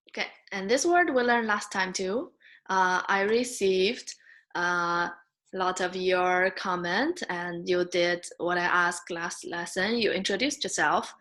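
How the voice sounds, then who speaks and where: A woman teaching a beginner Mandarin lesson, patiently modeling sounds and words for learners to repeat. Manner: slow, patient, models sounds loudly and high.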